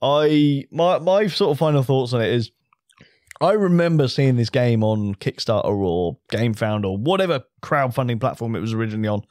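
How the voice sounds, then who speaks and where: A man's voice: medium pitch, lively intonation, moderate pace, darkish tone, no echo, studio quality. A man co-hosting a casual board game chat, enthusiastic and rambling, often restarting his sentences. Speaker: co-host reviewing a board game.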